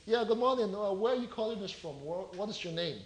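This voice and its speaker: A man's voice: high-pitched, animated, fast, reverberant, rough recording. A man hosting a call-in talk show and politely prompting callers. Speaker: show host taking callers.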